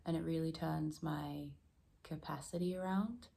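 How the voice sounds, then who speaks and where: A woman's voice: sits low, fairly even intonation, measured pace, creaky, mellow. A woman vlogging at home in a rambling, self-deprecating casual chat, often laughing. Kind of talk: casual reflective vlog chat. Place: room at home.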